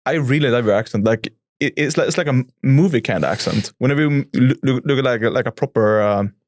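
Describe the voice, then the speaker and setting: A man's voice: medium pitch, fast, dry recording. A man co-hosting a podcast in casual chat, stammering with many restarts. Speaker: podcast co-host.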